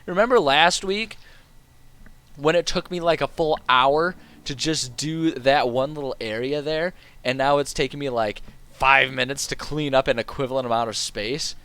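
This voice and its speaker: A man's voice: mid-range voice, moderate pace, pushed and bright, smooth. A man streaming a game live, talking casually and rambling with lots of fillers. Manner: rambling and chatty, with many fillers.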